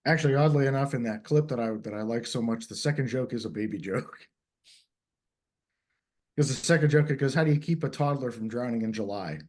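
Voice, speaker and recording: A man's voice: mid-range voice, fairly quick, darkish tone. Blunt, swearing podcast man. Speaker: podcast co-host. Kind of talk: casual chat.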